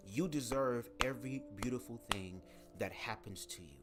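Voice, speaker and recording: A man hosting a casual livestream, talking straight to his viewers in an animated, profane way from a home setup at his microphone. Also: mid-range voice, fairly quick, music in the background. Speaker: livestream host. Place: home setup, speaking to camera. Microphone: desk microphone.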